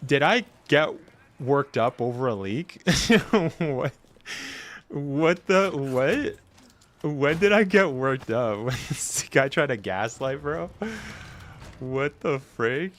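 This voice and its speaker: A young man streaming a game, excitable and laughing often as he talks to the characters on screen and reacts to chat. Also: mid-range voice, takes it slowly. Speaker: gaming streamer. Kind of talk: casual live-stream commentary. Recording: clear background noise.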